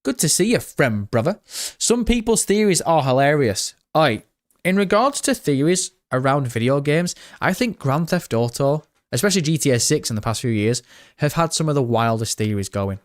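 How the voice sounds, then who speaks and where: A man's voice: fairly high pitch, very animated, normal speed. A young man hosting a live stream, chatting with his viewers and reacting to a trailer in a jokey, rambling way. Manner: chatty, jokey, talks to chat, breaks into laughter.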